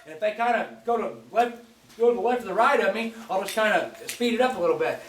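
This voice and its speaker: Man, high register, easygoing folksy teaching manner, recorded from a distance in a roomy space. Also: quick pace. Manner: relaxed, folksy, repeats and restarts phrases. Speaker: goose call instructor. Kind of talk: casual spoken demonstration. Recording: distant mic in an echoey space, faint clicking.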